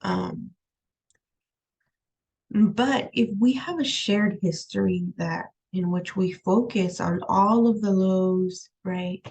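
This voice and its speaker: A woman with a medium-pitched, slow, slightly mellow voice and a breathy edge gives a recorded online lecture from her room at home, and the audio is poor. She's a college instructor, young adult to middle-aged with a young daughter, who talks conversationally, keeps saying "um" and "right?", and laughs easily.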